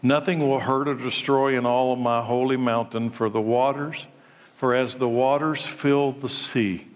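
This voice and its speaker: Guy preaching a sermon, mid-pitched voice, pounding on questions, big echoey church hall. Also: steady tone, unhurried. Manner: emphatic preaching with rhetorical questions. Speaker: pastor. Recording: long reverb of a large hall.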